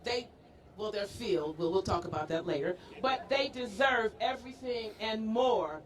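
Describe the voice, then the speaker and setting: A woman's voice: mid-range voice, normal speed. A woman speaking at an outdoor school rally, effusive and stretching out her calls as she thanks each group. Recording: distant outdoor news mic with street noise.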